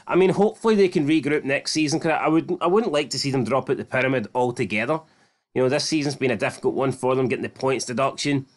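A man's voice: mid-range voice, fast. A Scottish man co-hosting a football review show in casual, blunt chat, swearing and joking.

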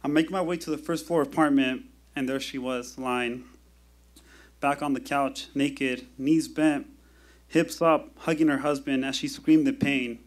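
A man telling a personal story at a live storytelling show, in a wry, measured delivery with dramatic pauses, into a stage microphone. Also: mid-range voice, steady tone.

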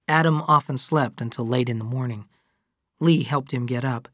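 A narrator reading an abridged novel aloud in slow, even storytelling. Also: medium pitch, dry recording, studio quality.

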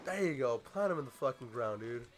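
Excitable, foul-mouthed young gamer man. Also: medium pitch, a little fast, soft background music. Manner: excitable, swearing, yelling at the game. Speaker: gaming YouTuber. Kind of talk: let's play commentary.

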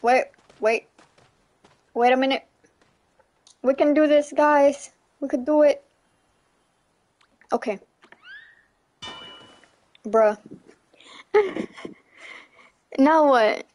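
A young woman chatting casually through a gameplay livestream, giggly and chatty, squealing when something excites her. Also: sits high, drawn-out words, pauses often. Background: faint game music.

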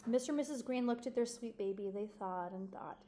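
A woman's voice: fairly high pitch, mellow, a little hiss or hum. Woman reading a children's book aloud. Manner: teacherly, pauses to point things out. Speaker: reader.

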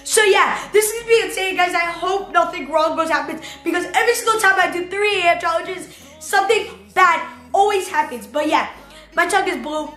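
A child YouTuber in an excited vlog, hyped and breathless, constantly saying "guys" and "oh my God". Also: very high-pitched, a little fast. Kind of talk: excited vlog with a screen-recorded texting prank. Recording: roomy echo with faint background music.

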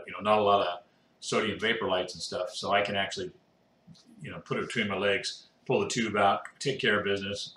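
A man's voice: on the low side, sharp tone, a little hiss or hum. A man chatting casually to his viewers. He rambles with many fillers, and he is exhausted and yawning. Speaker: video blogger with cancer. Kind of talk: casual chat to camera. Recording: roomy echo.

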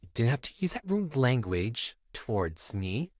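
A performer acts out a male puppet neighbor babysitting a child, sarcastic and easily rattled, in a home-made fan audio drama. His pitch leaps all over the place while the delivery stays slow and drawn out. The recording is close and dry, made at home. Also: very animated, darkish tone, no echo. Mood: flustered sarcastic. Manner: sarcastic, easily flustered, wildly swinging pitch.

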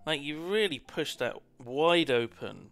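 A man chatting casually and swearing now and then while he plays a game on stream, turning soft and cooing when he talks to his cat. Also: a little high, sing-song, takes it slowly, gravelly, dry recording. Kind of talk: casual gameplay commentary.

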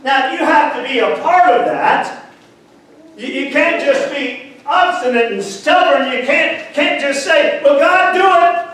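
A male pastor preaching a fervent sermon, calling out to the congregation and rising to shouts. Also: very high voice, expressive, a little slow. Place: church sanctuary. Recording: echoey church hall, far from mic.

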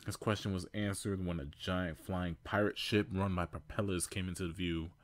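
A man's voice: deep voice, fairly even intonation, normal speed, no room sound. A male podcast host reading fan fiction aloud, amused, with laughing asides.

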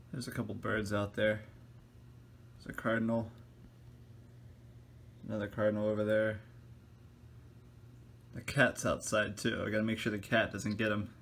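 A man's voice: fairly low pitch, level tone, moderate pace, gravelly, pauses often, a bit bright, a little hiss or hum. A young man casually filming at home, laughing and coaxing his pet cat in playful baby talk. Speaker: vlogger. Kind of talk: casual vlog talking to a cat. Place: house, basement and backyard.

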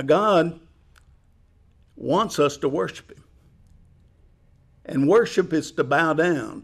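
A man preaching a chapel sermon in a measured way, explaining slowly with pauses. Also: on the high side. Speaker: chapel speaker.

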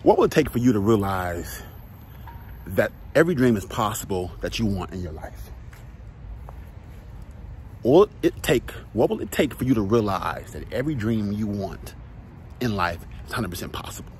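A man delivers an emphatic motivational talk straight to the listener. He repeats his key lines and fires direct questions, with a lively, swinging pitch over faint background noise. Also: normal speed, pauses often. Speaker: motivational speaker, former football player.

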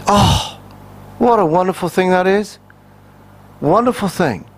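A man's voice: sits high, animated, measured pace, slight background noise. A man, a pastor, preaching a sermon in a conversational and humorous way, acting out little quoted exchanges.

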